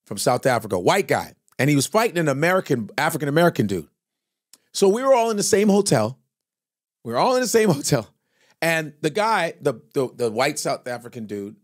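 Animated man telling a loud story. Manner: loud, animated, profane, acts out quotes with big jumps in pitch. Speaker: comedian telling a story on a podcast.

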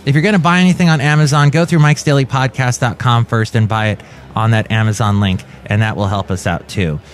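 Guy podcast host rattling off his links and socials, average pitch, chatty. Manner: reads show plugs in a quick promotional run. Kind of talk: casual podcast chat.

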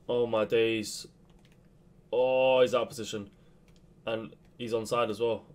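A young man commentating his own football video game match, swinging between low muttering and sudden shouts. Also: measured pace, long pauses. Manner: excitable, swings from muttering to yelling. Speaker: gaming youtuber. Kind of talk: live gameplay commentary.

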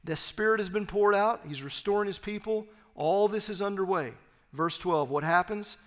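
Texan pastor preaching in a reverberant hall. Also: male voice, sits high, moderate pace, a bit bright. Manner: emphatic teaching with asides and humor. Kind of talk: sermon. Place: church sanctuary.

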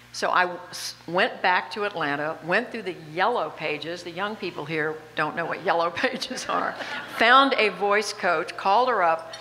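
A woman in her seventies with a slight Southern accent, telling lively, self-deprecating stories as an honored guest on stage. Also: on the low side, moderate pace. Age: 70s. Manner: animated, self-deprecating anecdotes with frequent laughs. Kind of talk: on-stage interview storytelling. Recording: reverberant hall with faint background noise.

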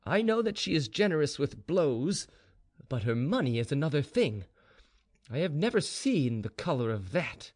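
A man's voice: a little high, sing-song, moderate pace. A man voicing a bitter, envious male servant who talks in a sceptical, challenging way.

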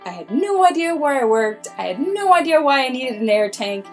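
A woman's voice: high voice, very animated, normal speed, soft background music. A young woman telling a personal story about her first day at work with wry, comic timing.

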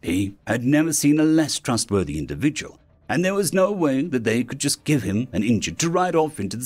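A male narrator reads a science-fiction story aloud with a lively, expressive rise and fall. His pitch sits in a middle range for a man. Faint background music plays under the reading. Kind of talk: scripted sci-fi story narration.

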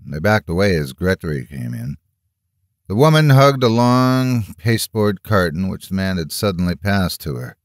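A man with a very deep voice reads a horror tale aloud, slow and measured, leaning into the tense moments. The sound is dry and close, with no room around it. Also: very animated, no room sound. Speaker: horror story narrator. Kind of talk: dramatic audiobook reading.

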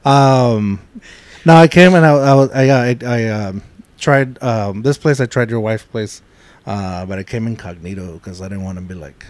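A man's voice: on the low side, moderate pace. A man hosting a podcast in a casual chat, laughing often and talking with many fillers and restarts. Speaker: podcast host.

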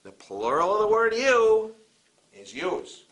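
A man's voice: high-pitched, big pitch swings, fairly bright tone, heavily acted. A man playing a showy dialect teacher. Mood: lecturing. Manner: deliberate, exaggerated lecturing delivery. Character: male teacher of a local dialect, showy and bossy. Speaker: teacher of a comic dialect class. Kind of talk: comedy sketch recording.

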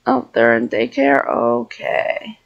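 Woman, casual gameplay commentary, chatty, slow unhurried delivery, gravelly fry, higher voice. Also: steady tone, muffled recording. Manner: chatty, voices her Sim's reactions in quick asides. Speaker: gaming YouTuber. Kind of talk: casual Let's Play commentary.

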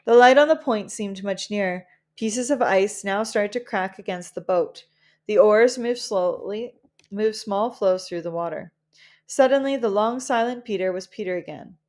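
An audiobook reader with a mid-range voice reads a children's novel aloud, telling the story in a gentle, measured way.

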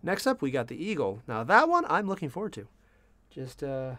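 A man talking casually to viewers as he paints miniatures, relaxed and self-deprecating, muttering to himself about small mistakes. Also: a little high, normal speed. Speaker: miniature painting channel host.

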